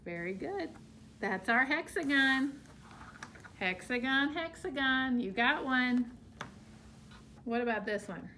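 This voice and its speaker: A woman teacher explaining shapes to young children, slow and exaggerated in her delivery. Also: high-pitched, animated, sharp tone, a little hiss or hum. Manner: slow, drawn-out, exaggerated for small kids.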